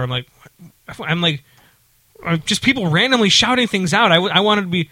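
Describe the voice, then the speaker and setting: A man chats casually, spinning a long anecdote with frequent fillers and false starts. His voice is bright and a touch higher than most. The sound is dry and close. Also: brisk, no room sound. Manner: rambling, many fillers and restarts. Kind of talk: casual storytelling chat.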